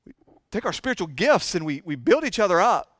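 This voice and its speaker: A man preaching a sermon in a church, impassioned and repetitive, moving between hushed and loud delivery. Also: high-pitched, very animated, fairly quick, no room sound, clean studio sound. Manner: chokes up with emotion. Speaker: pastor. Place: church sanctuary.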